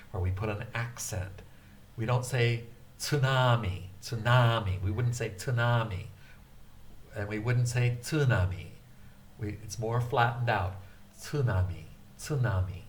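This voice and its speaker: A man teaching a beginner Japanese lesson, hesitant with many filler sounds, repeating words slowly for students to practice. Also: lowish voice, slight background noise.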